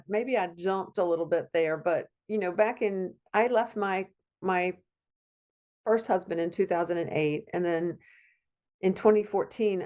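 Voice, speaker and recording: A woman's voice: lowish voice, a little mellow, lo-fi sound. A middle-aged woman from Virginia, a psychiatric nurse practitioner, talking in a heartfelt, rambling way as an interview guest. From Virginia, USA. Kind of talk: conversational interview.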